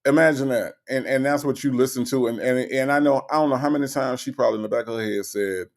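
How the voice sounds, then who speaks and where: Gravelly-voiced man hosting a live stream. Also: medium pitch, fairly even intonation, fast. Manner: playful, mocking, reads chat aloud. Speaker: host of a live call-in commentary stream. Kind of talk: casual live-stream commentary.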